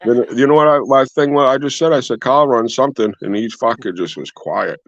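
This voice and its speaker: A man's voice: medium pitch, brisk, no room sound. A man in a casual stream chat, telling crude, hyped stories about boxing people. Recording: dull lo-fi stream audio.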